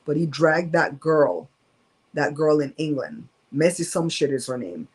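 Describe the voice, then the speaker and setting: A woman's voice: deep voice, a little slow, slightly rough, rough recording. Candid, emphatic woman hosting a home live stream. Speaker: host of a live show. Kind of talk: casual live-stream storytime.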